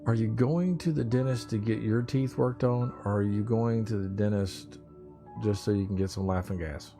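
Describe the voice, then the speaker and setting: A man hosts a loose morning livestream and talks straight to his viewers. His voice sits low and sounds mellow and warm. He rambles, teases his regulars and drops casual profanity, with faint music playing in the background. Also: moderate pace. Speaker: livestream host.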